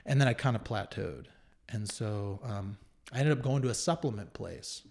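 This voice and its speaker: A man's voice: on the low side, normal speed, vocal fry, darkish tone. Man, 30s, interview guest, earnest and reflective, candid personal telling. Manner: earnest, reflective, with fillers and restarts. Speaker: guest telling his story.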